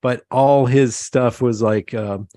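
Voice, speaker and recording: A middle-aged man hosts a casual interview, telling stories with energy and slipping into the voices of the people he describes. His voice sits at a medium pitch. The sound is dry and close to the mic. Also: takes it slowly, no room sound. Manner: animated storyteller, acts out quoted voices. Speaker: podcast host.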